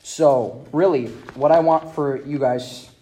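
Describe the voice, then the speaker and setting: A man's voice: fairly high pitch, steady tone, slow pace, dark tone, a little hiss or hum. A man preaching an earnest, explanatory sermon. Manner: earnest, explanatory, with occasional restarts.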